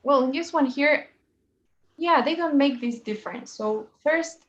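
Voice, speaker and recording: A woman's voice: fairly high pitch, normal speed, creaky. A woman teaching a one-on-one English lesson, explaining in a chatty way and often checking with "right?" and "you know?".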